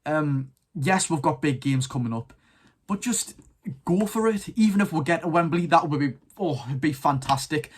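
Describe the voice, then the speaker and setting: A man's voice: a little high, lively intonation, moderate pace, slightly rough. A seventeen-year-old with a Geordie accent, chatting casually to camera about his football club with strong opinions. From North East England. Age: teens. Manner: chatty, rambling, keen opinions. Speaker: football fan vlogger.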